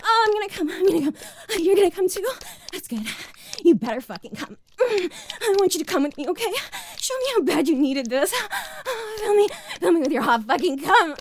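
A woman's voice: very high-pitched, very animated, brisk, noisy background, full character voice. A young woman voicing a teasing, foul-mouthed tomboy best friend in an audio role-play, gasping and breathless.

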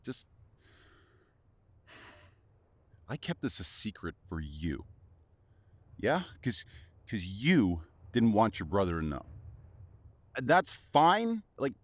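Male actor as a bitter secret lover for an audio role-play; slow, swearing, lively pitch. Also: no echo, exaggerated voice. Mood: hurt. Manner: swearing, halting, repeats words. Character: jealous secret lover, young adult man, wounded and bitter. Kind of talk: audio role-play addressed to a silent listener.

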